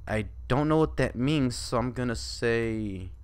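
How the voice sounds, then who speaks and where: A young man commenting on a horror game as he plays, joking and reacting, dropping to mutters and jumping to yells. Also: mid-range voice, a little slow, clean tone. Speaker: gaming YouTuber. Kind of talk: let's play commentary.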